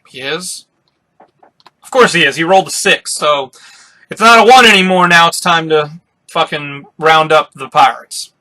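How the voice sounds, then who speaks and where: High-voiced young man reacting to comics. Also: moderate pace, bright, forceful tone. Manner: rambling, swears and chuckles while reading aloud. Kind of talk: casual reading reaction.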